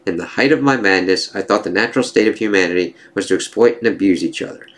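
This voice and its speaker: A reflective older male ex-villain looking back calmly, in a low steady voice as a man reads comic dialogue aloud. He sounds thoughtful and quiet. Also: fast, close to an everyday voice.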